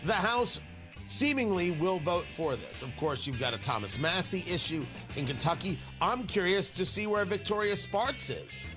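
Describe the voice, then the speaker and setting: High, lively, bright-voiced combative radio host. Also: male voice, normal speed, over music. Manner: combative and emphatic, with hammering repetition. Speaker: radio talk show host. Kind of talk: opinionated talk radio monologue.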